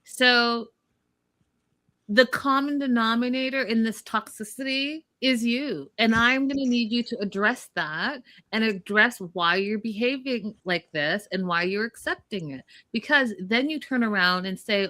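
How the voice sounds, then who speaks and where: A female podcast co-host is blunt and opinionated on a casual recap chat, mocking people by quoting them in put-on voices. Her voice runs on the high side, pushed and bright, at a measured pace.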